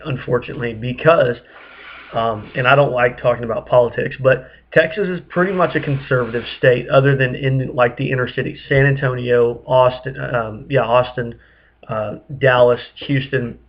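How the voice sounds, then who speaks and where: A man's voice: mid-range voice, steady tone, moderate pace. A man co-hosting a podcast, laid-back and wry, hesitant as he talks. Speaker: podcast co-host. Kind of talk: casual podcast chat. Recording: dull lo-fi sound.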